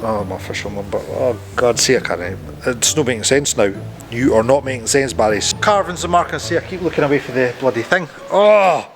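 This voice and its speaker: A man talks casually to the camera while working on his boat, at an ordinary middle pitch. He keeps losing his words, laughing off and grumbling at his own slips. Faint music plays underneath. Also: lively intonation, brisk. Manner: stumbling, self-mocking, swears at his own slips. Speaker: boat-building vlogger. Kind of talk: casual to-camera vlog outtakes. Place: aboard a boat under construction, indoors.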